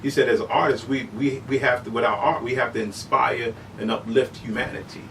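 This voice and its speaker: A middle-aged man telling stories as an interview guest, animated and casual, often saying "you know what I'm saying". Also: medium pitch, fairly quick, creaky, distant mic, slight background noise, low-quality recording. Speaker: human beatboxer, interview guest.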